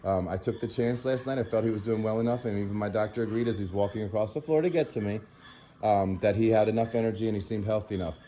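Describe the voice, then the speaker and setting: A man speaks in a low, mellow voice, worn out after a sleepless night. He talks to the camera at home in a loose, rambling way, full of ums and restarts. A faint hiss of background noise sits under the recording. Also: quick pace. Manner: rambling, filler-heavy, soft baby talk to a puppy. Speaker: animal sanctuary vlogger. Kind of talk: casual talk to camera.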